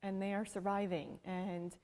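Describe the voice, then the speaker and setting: A woman in her thirties in a conversational interview, telling her own story with animated warmth. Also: mid-range voice, measured pace, in a large hall. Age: 30s. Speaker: interviewer, breast cancer patient.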